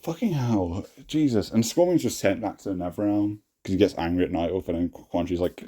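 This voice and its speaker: A man's voice: fairly low pitch, very animated, normal speed, mellow. A young adult man hosting a casual talk, cringing at his own old writing, swearing often and laughing at himself. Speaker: host.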